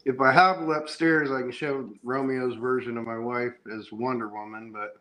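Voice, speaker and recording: A man's voice: medium pitch, steady tone, normal speed, a bit bright. Rambling middle-aged man hosting a chat. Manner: rambling, enthusiastic show-and-tell. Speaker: podcast host. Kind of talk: casual chat showing comics.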